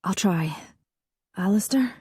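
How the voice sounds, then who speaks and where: A strong-willed young bride , voiced by a woman narrator, speaks softly and breathlessly, sometimes in a whisper. The tone is husky and mellow, slow, recorded dry and close for a romance audiobook. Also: mid-range voice, animated, no echo, heavily acted. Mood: breathless, tender.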